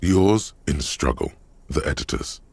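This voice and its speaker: Super deep gravelly narrator guy, husky, dry close mic, wry and measured. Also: lively intonation, no room sound, exaggerated voice. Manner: sardonic, measured second-person narration. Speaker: game narrator. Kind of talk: scripted voiced narration.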